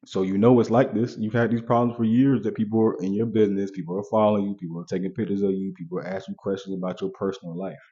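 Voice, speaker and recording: A man's voice: fairly low pitch, little pitch movement, quick pace, hardly any pauses, mellow, lo-fi sound. A man talking casually to his viewers in a commentary vlog, repeating his points and addressing them directly. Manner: conversational, repeats points, talks straight to viewers. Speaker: vlogger.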